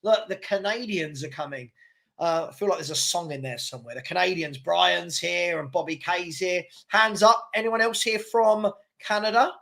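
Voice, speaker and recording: Chatty man, high voice. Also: normal speed, vocal fry. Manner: rambling, repeats words, chatty shout-outs to viewers. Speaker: fan channel host. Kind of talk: casual livestream chat reading comments.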